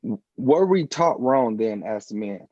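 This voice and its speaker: A man spins a story in an animated way, jumping into the voices of everyone in it. His voice is mellow and warm. The recording is dry and a little dull. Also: fairly low pitch, slow pace, dry recording. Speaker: panelist. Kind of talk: casual storytelling in a panel conversation.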